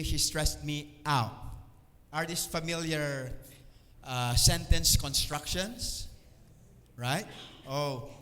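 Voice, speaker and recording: A man with a Filipino accent gives an earnest teaching sermon, checking in with his listeners as he goes. His voice sits high and bright. It rings out with the long reverb of a church hall. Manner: acts out everyday complaints in quoted voices. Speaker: speaker at a church service.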